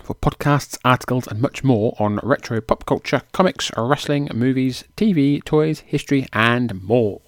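A man's voice: mid-range voice, moderate pace, hardly any pauses, no echo, clean studio sound. A man hosting a podcast in a chatty, self-mocking way, now and then tripping over names. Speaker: podcast host. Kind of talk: casual podcast narration.

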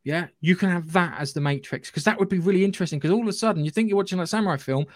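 Man, southern English accent, high voice, dry close sound, animated, sweary, casual podcast chat. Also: rapid-fire, no room sound. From England, Surrey area. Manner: animated, sweary, acts out scenes. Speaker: podcast co-host.

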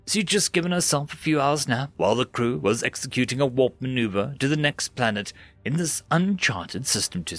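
A man's voice: medium pitch, gravelly. A man narrating a science fiction story dramatically, rising and dropping his voice for effect. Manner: expressive, rises and drops for drama.

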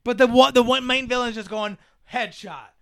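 A man's voice: very high-pitched, fairly even intonation, fast, creaky, smooth, no echo, studio quality. A young man chatting casually about a movie, rambling and profane, full of "like" and laughs.

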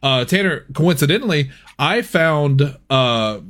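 A man hosting a comedy podcast, rambling through introductions and cracking himself up as he goes. His voice sits a bit higher than most men's. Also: animated, measured pace, fairly bright tone. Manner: rambling, self-interrupting, laughs at own jokes. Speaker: podcast host.

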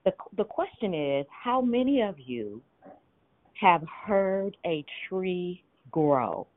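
A woman leading a group call, giving spiritual teaching in a measured, teacherly way with rhetorical questions. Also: fairly low pitch, big pitch swings, no echo. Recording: tinny phone line.

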